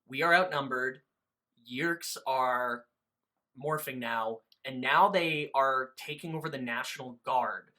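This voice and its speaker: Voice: medium pitch, slow pace, pushed and bright. A podcast co-host recapping a book in casual chat, loose and profane, full of "like" fillers.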